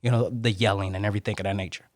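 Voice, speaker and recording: A young man from Detroit, a Marine and motivational speaker, telling his story as a podcast guest in a lively, acted-out way. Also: fairly low pitch, racing, no echo, clean studio sound. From Detroit, Michigan. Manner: animated storyteller who acts out quoted voices.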